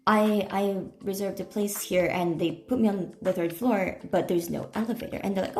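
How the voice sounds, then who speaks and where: A woman's voice: medium pitch, steady tone, normal speed, hardly any pauses, darkish tone, soft background music. A woman streamer chatting casually, telling rambling stories full of fillers and self-corrections. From United States. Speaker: IRL streamer. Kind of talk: casual live-stream chat.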